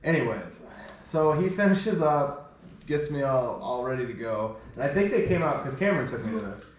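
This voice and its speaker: A man hosting a casual podcast, telling a crude story with animated quoted voices. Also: medium pitch, moderate pace, slight background noise. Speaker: podcast host. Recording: echoey room from far off.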